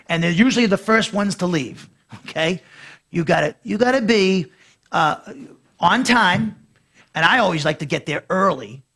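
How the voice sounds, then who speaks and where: A man's voice: high-pitched, fairly bright tone. A middle-aged male pastor giving a verse-by-verse Bible lesson, talking conversationally with frequent fillers and restarts.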